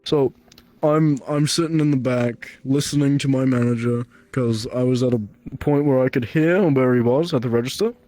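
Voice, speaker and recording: A man's voice: medium pitch, normal speed, warm tone, dry recording, soft background music. A young man co-hosting a podcast, telling a rambling story in casual chat and often stumbling over his words. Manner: rambling, stammers and repeats words. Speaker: podcast co-host.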